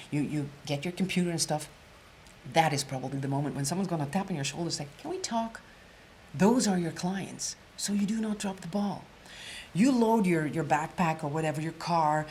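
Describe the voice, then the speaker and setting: A woman presentation coach giving an energetic storytelling workshop lecture, repeating phrases and dropping to an emphatic whisper on key points. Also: on the low side, slight background noise.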